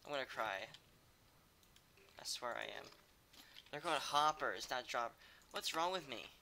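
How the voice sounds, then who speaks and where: A man's voice: medium pitch, lively intonation, a little slow, sharp tone, slight background noise. A young man casually streaming a video game, grumbling, swearing and snapping in irritation. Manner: irritable, swearing, sudden angry outbursts. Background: keyboard typing and mouse clicks.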